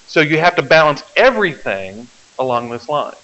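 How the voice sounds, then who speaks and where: Male lecturer, slightly high voice, explains step by step and checks in with the class; lo-fi classroom recording. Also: big pitch swings, normal speed, sharp tone, slight background noise. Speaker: biology lecturer. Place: lecture hall.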